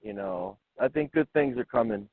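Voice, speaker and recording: A man calling in to a show, calm and earnest, with hesitant fillers. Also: mid-range voice, moderate pace, no room sound. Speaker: caller. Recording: tinny phone line.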